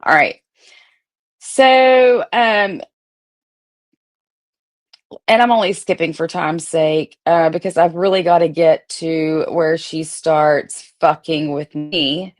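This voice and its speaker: A woman's voice: low voice, fairly even intonation, takes it slowly, long pauses. A woman in her thirties, a streamer, reading out old text messages in a blunt, profane, sarcastic rant. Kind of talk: casual ranting commentary.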